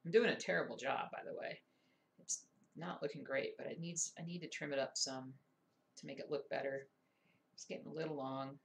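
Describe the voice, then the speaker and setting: Low gravelly woman muttering as she stitches. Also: fairly even intonation, a little fast, slight background noise. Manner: mutters and whispers to herself while working. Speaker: cross-stitch vlogger. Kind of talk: casual stitch-along chat.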